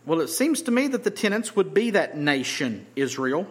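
A man's voice: on the high side, very animated, moderate pace, breathy edge. A man preaches a sermon in a conversational way. He reads scripture aloud and pushes his voice up emphatically on key points. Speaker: pastor.

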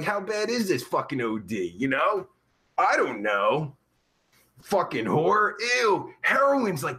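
A vulgar, boastful pimp, as a man puts him on, rambling through a comedy rant with a sore throat. His high voice leaps up and down in pitch. He talks slowly, in a bright, sharp tone. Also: full character voice. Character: crude sleazy adult male pimp, rude and boastful. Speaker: live-stream comedy host in character. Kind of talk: improvised live-chat comedy rant.

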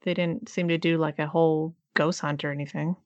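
A woman's voice: low-pitched, little pitch movement, brisk, no echo, muffled recording. A woman co-hosting a podcast over a remote call, chatting casually about a documentary and giggling often. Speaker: podcast co-host. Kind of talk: casual chat reviewing a documentary.

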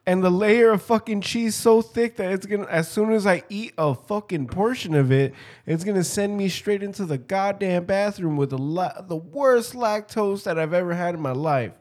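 A man's voice: sits high, lively intonation, normal speed, few pauses, a little mellow. A man in casual crude banter, swearing freely and laughing between mocking impressions.

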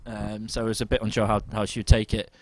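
A man's voice: on the low side, flat delivery, quick pace, no echo. Chatty young man. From United Kingdom. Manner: chatty, rambling, self-mocking, lots of ums. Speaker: podcast co-host. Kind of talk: casual chat.

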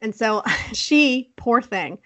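A woman telling a personal story on a casual podcast, lively, laughing often and acting out the people she quotes. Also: a little high, slow, no room sound. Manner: animated, laughs often, acts out quoted voices. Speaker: podcast co-host.

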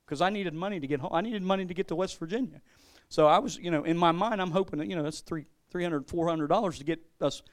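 A man preaching a sermon as pastor, with a voice a bit higher than most men's. He tells a personal story in an easy, conversational way, restarting and repeating words as he goes. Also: quick pace, hardly any pauses. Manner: conversational, repeats words, laughs, acts out quotes.

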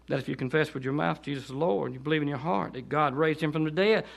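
A man with a Southern accent preaching a guest sermon in a church, dropping to quiet asides and then rising into loud, pleading exhortation. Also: fast, creaky. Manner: swings from low conversational asides to high shouted pleading. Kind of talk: Baptist sermon. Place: church sanctuary.

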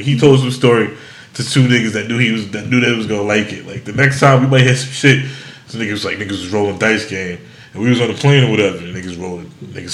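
With a fairly low voice and reverberant sound, a man hosting a podcast delivers rowdy stories in casual talk. His storytelling is loud and lively, full of acted-out quotes and frequent laughter.

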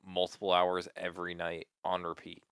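Chatting casually as a podcast co-host, a young man rambles with frequent fillers and restarts. His low, monotone voice is a bit bright and clean-toned at a moderate pace, captured at studio quality with no room sound.

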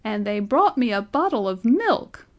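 A woman's voice: a little high, sing-song, measured pace, voice pushed up. A woman doing a whiny querulous old man. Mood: whining. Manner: whining, complaining, quavering.

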